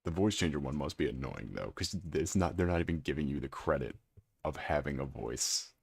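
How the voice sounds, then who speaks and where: Extremely deep gravelly man streaming. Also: lively intonation, a little fast, no room sound, studio quality. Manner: chatty, teasing, reads and answers chat aloud. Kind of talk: casual live-stream chat while playing.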